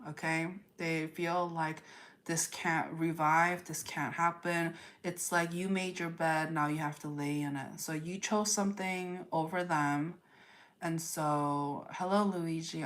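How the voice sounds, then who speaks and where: Slow, low-voiced woman reading tarot live. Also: steady tone. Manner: addresses viewers directly, repeats phrases, ends points with "okay?". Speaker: tarot reader.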